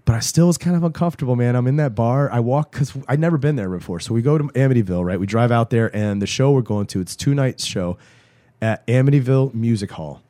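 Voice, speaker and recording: Hoarse, mellow-voiced New man. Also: medium pitch, fast talker, no room sound, studio quality. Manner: rambling storyteller with many fillers. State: hoarse from a cold. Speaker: podcast co-host. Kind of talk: casual chat.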